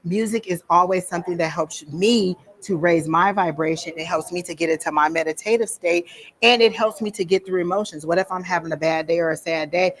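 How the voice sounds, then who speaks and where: A woman's voice: lowish voice, fairly quick. A woman talking informally to a workshop audience at a psychic fair, chatty and conversational, stopping to ask the room for questions.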